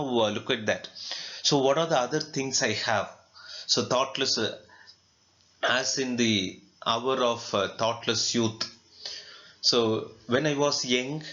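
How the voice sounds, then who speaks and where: Slow-talking Indian English teacher. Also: male voice, medium pitch, sharp tone. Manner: slow, repetitive explaining with fillers and rhetorical questions. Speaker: literature teacher. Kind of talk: classroom lecture explaining a poem. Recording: dull lo-fi recording.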